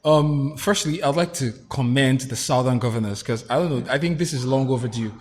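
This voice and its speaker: A man giving his views as a guest on a political talk show, opinionated and halting, with frequent restarts. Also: medium pitch, a little mellow. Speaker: guest commentator.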